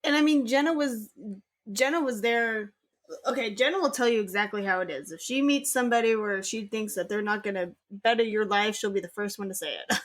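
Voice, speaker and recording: A woman's voice: medium pitch, brisk. A woman co-hosting a casual podcast chat, teasing and giggling between her lines. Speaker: podcast co-host.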